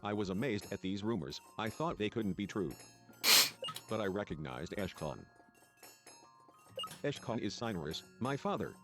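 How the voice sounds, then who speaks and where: A man's voice: on the low side, expressive, moderate pace, long pauses, over music. A man reading game dialogue and narration aloud in a let's play.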